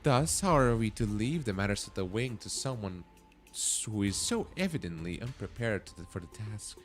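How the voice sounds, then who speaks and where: Male game streamer, lowish voice, very animated: reads the game lines aloud, then cuts in with blunt, sweary asides over faint background music. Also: moderate pace. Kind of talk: reading game dialogue aloud with commentary.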